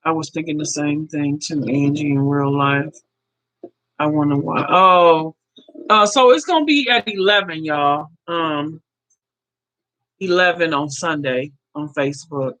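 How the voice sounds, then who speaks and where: A woman's voice: low voice, measured pace, fairly bright tone, low-quality recording. A woman in her fifties hosting a casual livestream, speaking heartfelt and direct to her viewers, often repeating herself. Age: 50s. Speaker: livestream host. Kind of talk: casual live-stream chat with viewers.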